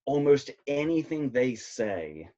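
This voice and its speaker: A man's voice: medium pitch, takes it slowly, lo-fi sound. Laughing man on a film podcast. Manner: laughs often, animated and rambling. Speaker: podcast co-host. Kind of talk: casual chat about films.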